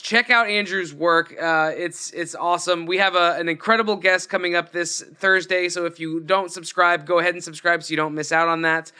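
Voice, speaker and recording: A man's voice: fairly high pitch, bright, forceful tone, clear, resonant tone. A man co-hosting a podcast, reading the outro plugs in an upbeat, jokey way and bantering with his co-hosts. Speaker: podcast co-host. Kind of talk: casual podcast chat.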